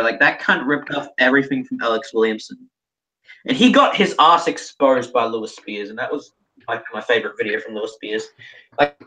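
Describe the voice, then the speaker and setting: A man's voice: mid-range voice, bright, forceful tone, slight background noise, poor audio. An Australian man co-hosting a casual livestream podcast, rambling and swearing freely. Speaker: co-host.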